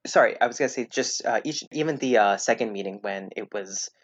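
A man chatting casually as a podcast guest, rambling and hesitant, restarting his sentences and filling pauses as he goes. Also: on the low side, no echo. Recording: dull lo-fi dry recording.

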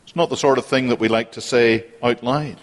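A man's voice: medium pitch, fairly even intonation, brisk. A man preaching a sermon, earnest and repeating phrases for emphasis. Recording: long hall reverb.

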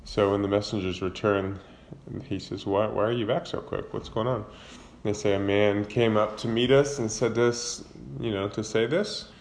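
Low-voiced man casually retelling scripture. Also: steady tone, moderate pace, a little hiss or hum. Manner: informal, with fillers and self-corrections. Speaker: Bible reader retelling scripture. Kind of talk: casual Bible summary and commentary.

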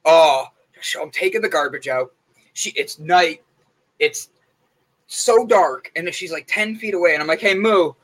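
Bright, chatty male show host. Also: on the high side, a little slow, low-quality recording. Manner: chatty and rambling, with many fillers. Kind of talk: casual chat.

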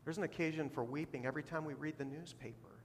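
A man's voice: fairly high pitch, steady tone, quick pace, slight background noise. Preaching man in a reverberant hall. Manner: preaching with rising bursts of emphasis. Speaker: pastor. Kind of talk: sermon.

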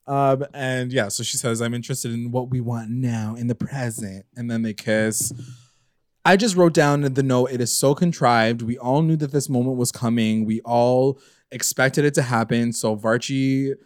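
A man's voice: medium pitch, moderate pace, no echo, studio quality. A young man co-hosting a casual TV recap podcast, retelling scenes sarcastically and swearing casually. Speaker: podcast co-host.

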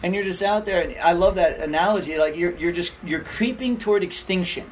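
Man, high voice, casual storytelling, faint background noise. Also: fairly quick, rough recording. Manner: animated storyteller who puts on an Irish accent for quotes. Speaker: ultrarunner guest. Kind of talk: casual chat over beer. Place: garage.

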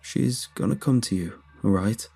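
A man voicing a calm, folksy small-town Southern man with a Louisiana accent. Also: on the low side, moderate pace, gravelly, breathy edge, soft background music. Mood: soothing. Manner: soothing, folksy.

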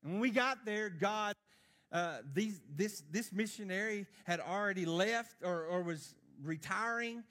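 A man, preaching a sermon as a missionary and telling his story earnestly, swinging between loud and hushed. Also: high voice.

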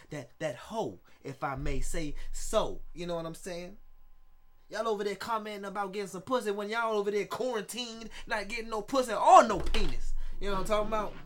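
A man's voice: high-pitched, fairly bright tone, pitched above the performer's own voice. A man doing a comedic impression of a crude, boastful male rapper who keeps tagging lines with "you know what I'm saying?".

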